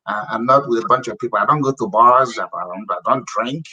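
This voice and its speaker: A man's voice: medium pitch, fairly quick, sharp tone, slightly rough, recorded from a distance, muffled recording. A middle-aged man from Nigeria with a Nigerian accent, a guest in an interview, telling his story in a blunt, emphatic way. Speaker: guest, businessman. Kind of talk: interview conversation.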